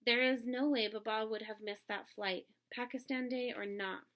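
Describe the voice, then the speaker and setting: A woman teacher narrates a children's novel in an even, storytelling manner. Her voice sits on the higher side and has a gravelly fry in it. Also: normal speed, few pauses. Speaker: elementary school teacher. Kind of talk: reading a novel aloud.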